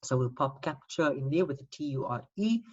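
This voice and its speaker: A teacher giving an online spelling lesson, patiently sounding out words and repeating them slowly. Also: medium pitch, expressive, a little mellow, husky, highs cut off.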